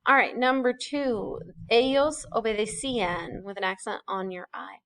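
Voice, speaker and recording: A woman's voice: fairly high pitch, moderate pace, fairly bright tone. Patient woman teaching a lesson. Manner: patient, explanatory, with fillers and self-corrections. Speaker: Spanish teacher. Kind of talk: recorded classroom lesson.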